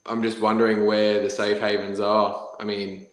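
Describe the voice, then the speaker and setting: A man's voice: lowish voice, completely flat delivery, moderate pace. An Australian man co-hosting a casual podcast, talking in a rambling, hesitant way with lots of fillers. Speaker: podcast co-host. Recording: echoey room.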